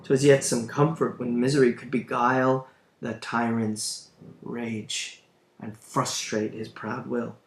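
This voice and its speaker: A man voicing an old, blind, despairing nobleman, low and mournful. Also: level tone, slow. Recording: roomy room, faint background hum.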